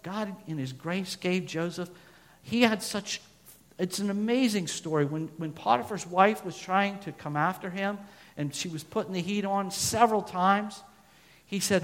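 A man with a voice on the higher side delivers a sermon, turning often to his listeners with questions and reading scripture aloud. His words ring out with a long reverb, as in a large hall. He moves between louder, emphatic stretches and quieter ones. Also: normal speed. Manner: asks the listeners questions, reads scripture aloud, loudness rises and falls. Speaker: preacher.

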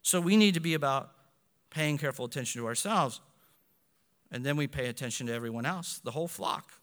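A man, a pastor, preaching a sermon with animated delivery, swinging between loud and hushed passages. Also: on the high side, a little fast, big-room sound.

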